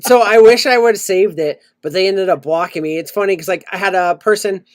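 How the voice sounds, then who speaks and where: A man co-hosting a podcast, ranting loudly in casual chat and swearing a lot. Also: high voice, brisk, dry recording. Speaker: podcast co-host.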